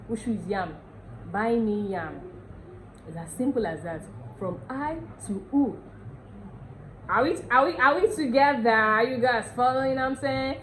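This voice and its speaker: A woman with a Nigerian accent teaching a casual language lesson, repeating words slowly and often checking that viewers follow. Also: fairly high pitch, a little hiss or hum, rough recording.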